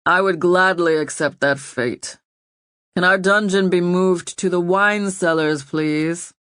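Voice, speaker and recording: A woman's voice: low voice, fairly even intonation, measured pace, no room sound, studio quality. A woman doing a drawling, bitter prisoner. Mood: sneering. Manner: drawling, grumbling, sneering. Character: bitter, lazy, drunken male prisoner.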